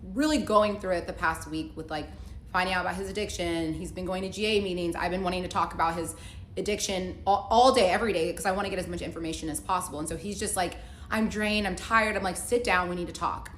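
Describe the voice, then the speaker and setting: A young woman recounts a relationship in a casual story-time vlog, chatty and full of "like" fillers, acting out quoted dialogue. She talks fast in a steady tone with a fairly low pitch, recorded in an echoey room with faint noise.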